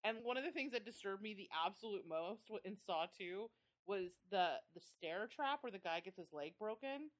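A woman co-hosting a horror podcast, chatting casually in an expressive, slangy way and laughing easily. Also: medium pitch, moderate pace. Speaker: podcast co-host. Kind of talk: casual chat.

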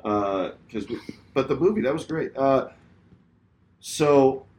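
A podcast co-host with a medium-pitched voice slowly retells a road-rage story in casual chat. His animated telling is full of swearing, and he acts out the lines of the people involved.

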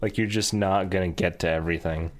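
A man's voice: low voice, fairly even intonation, brisk. A man in casual chat about video games, joking and teasing his co-host.

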